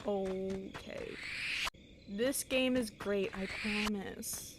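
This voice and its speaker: A woman streaming a video game live, reacting out loud, swearing, exclaiming and laughing as she plays. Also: mid-range voice, steady tone, drawn-out words, heavy background noise. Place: home streaming setup. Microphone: desk microphone. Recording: loud game music over voice. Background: loud game music.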